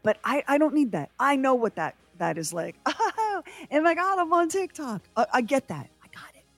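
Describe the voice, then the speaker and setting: A woman's voice: high-pitched, very animated, normal speed, soft background music. A woman co-hosting a radio show, chatting in a playful, joking way. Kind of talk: comic morning radio chat.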